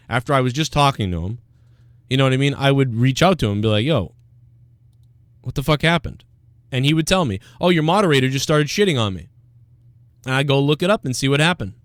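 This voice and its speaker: A man's voice: mid-range voice, no echo, clean studio sound. A man hosting a livestream, ranting in an aggrieved tone and reading out chat comments. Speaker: livestream host.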